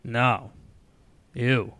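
A relaxed man co-hosting a casual podcast. He answers in short, agreeable bits, and his voice sits mid-range, close and dry. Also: medium pitch, extremely slow, smooth, no echo. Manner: easygoing, short agreeable replies. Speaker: podcast co-host.

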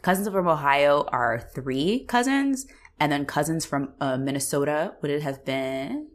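Low-voiced woman chatting animatedly. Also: unhurried. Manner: animated, laughing, swears, acts out quotes. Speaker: podcast co-host. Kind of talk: casual movie discussion.

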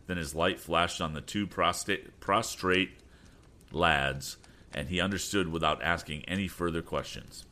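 A man reading a storybook aloud, animated and sometimes stumbling over words. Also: extremely low pitch, unhurried. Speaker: audiobook reader. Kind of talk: storybook narration.

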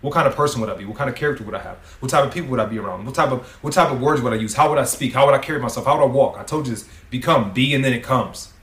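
A man's voice: mid-range voice, racing, hardly any pauses, a bit bright. Preachy motivational podcast man, roomy sound. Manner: preachy, coaching, swears freely. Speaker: podcast host. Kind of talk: motivational monologue.

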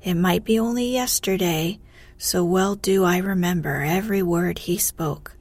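Woman storyteller, hushed and breathy, unhurried, dry close sound. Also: on the low side, dry recording. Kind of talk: soft storybook narration.

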